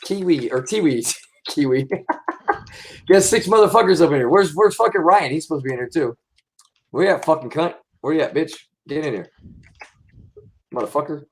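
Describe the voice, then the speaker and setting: High-voiced, profane livestream host. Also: male voice, moderate pace, pauses often. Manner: profane, rambling, excitable. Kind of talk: casual livestream chat.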